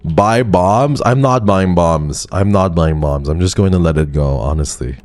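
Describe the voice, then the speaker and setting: A man's voice: low-pitched, measured pace, darkish tone, no echo. A male streamer giving live commentary on a game, talking to his chat and swearing in frustration.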